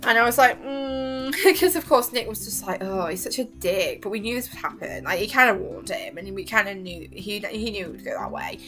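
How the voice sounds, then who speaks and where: A young woman chatting casually as a vlogger, excitable and gushing, laughing often and acting out lines. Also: medium pitch, fairly quick, few pauses, soft background music. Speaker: vlogger reviewing a TV season. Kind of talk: casual chat.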